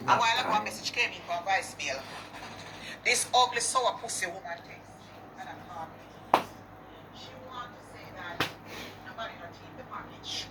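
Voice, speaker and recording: A woman's voice: mid-range voice, normal speed, background noise. A woman with a Jamaican accent in an angry rant video, cursing and confrontational in patois. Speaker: business owner in a posted clip.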